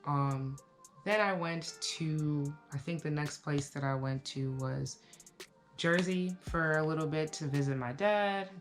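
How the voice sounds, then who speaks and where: Low-voiced woman vlogger, reflective. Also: unhurried, faint music behind. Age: 30s. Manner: relaxed, reflective, with frequent fillers. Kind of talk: casual life update vlog.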